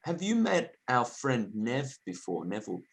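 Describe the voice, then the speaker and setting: A man hosting a casual group video chat, asking relaxed, drawn-out questions. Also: mid-range voice, vocal fry, husky.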